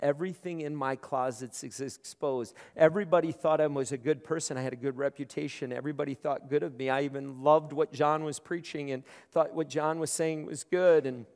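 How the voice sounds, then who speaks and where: A man's voice: on the high side, fairly even intonation, fairly quick, few pauses, darkish tone. A male pastor preaching a conversational sermon, often repeating words as he starts his phrases. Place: large room. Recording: long hall reverb.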